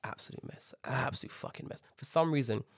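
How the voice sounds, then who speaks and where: A man telling an animated, heavily sworn rant about an airport in a casual chat, acting out the people he met. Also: mid-range voice, a little fast, dry recording, studio quality. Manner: animated ranting, swears a lot, acts out people.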